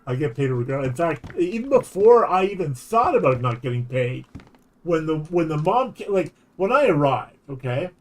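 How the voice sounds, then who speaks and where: A man's voice: on the high side, sing-song, moderate pace. A man streaming while telling a long anecdote in a casual, rambling way, often restarting his sentences. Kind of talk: casual storytelling chat.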